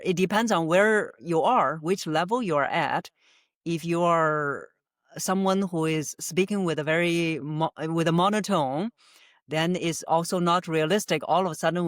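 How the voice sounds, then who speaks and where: A woman's voice: low voice, no room sound, clean studio sound. A woman voice coach answering podcast interview questions methodically, laying out her points by number with frequent "uh" fillers and easy laughter. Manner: laughs easily. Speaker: voice coach guest.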